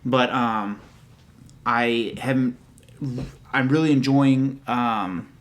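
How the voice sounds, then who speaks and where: Casting: male podcast co-host, mid-pitched, casual, animated storyteller. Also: slow pace. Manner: animated retelling, acts out characters. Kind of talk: casual chat.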